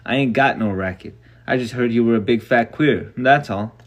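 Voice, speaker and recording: A man's voice: medium pitch, moderate pace, highs cut off, close to an everyday voice. A man voicing a big, clumsy schoolyard bully boy who jeers and sneers at a new kid in a storybook reading. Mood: sneering. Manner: jeering, sneering.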